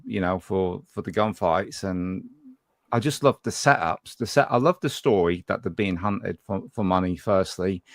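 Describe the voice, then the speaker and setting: A low-pitched man talks in an easygoing, reflective way. The voice sounds dry and close, with no room sound around it. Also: dry recording. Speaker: podcast co-host. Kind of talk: casual chat.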